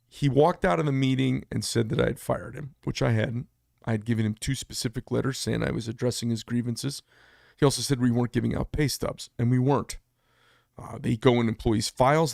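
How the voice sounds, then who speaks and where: A man's voice: mid-range voice, vocal fry, darkish tone, no room sound, clean studio sound. A man and business owner giving a blunt, heated casual monologue, telling a story with asides. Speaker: business owner talking to camera.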